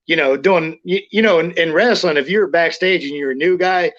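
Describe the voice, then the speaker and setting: A man's voice: fairly high pitch, moderate pace, fairly bright tone. Blunt, profane man telling wrestling stories. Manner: blunt, profane, rambling with restarts. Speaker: interview guest, former wrestler. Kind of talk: casual storytelling interview. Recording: lo-fi muffled audio.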